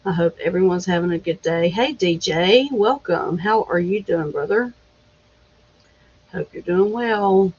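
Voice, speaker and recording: A woman's voice: fairly low pitch, a little slow, darkish tone, breathy edge. A woman hosting a casual live chat, greeting viewers by name and laughing easily. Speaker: livestream host. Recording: dull lo-fi stream audio.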